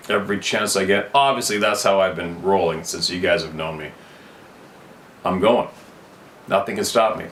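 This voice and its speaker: A man's voice: low-pitched, a bit bright, reverberant, far from the mic, slight background noise. A man hosting his own channel, talking unscripted to camera in a rambling, impassioned way, repeating himself for emphasis and swearing bluntly. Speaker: channel host.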